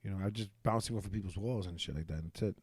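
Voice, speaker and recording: A man in his late thirties hosting a podcast, telling stories in an animated, slang-heavy way with a slight lisp. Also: low voice, rapid-fire, husky, no room sound, clean studio sound. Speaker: podcast host. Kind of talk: casual chat.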